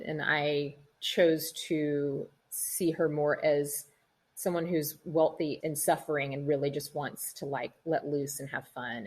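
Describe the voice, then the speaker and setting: A middle-aged woman, an actress, chatting in an interview and telling animated stories about her work. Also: deep voice, husky. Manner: chatty, animated storytelling, acts out quoted people. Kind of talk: casual interview conversation.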